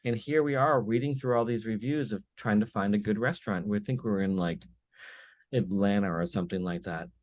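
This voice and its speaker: A business owner guest on a podcast chats casually in a slightly low voice, telling stories with animation and slipping into quick acted-out bits of dialogue. The sound is dry and close, with no room sound at all.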